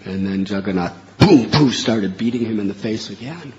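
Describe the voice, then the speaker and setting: A man preaching a sermon, telling a devotional story in an animated way. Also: fairly low pitch, moderate pace, highs cut off, a little hiss or hum.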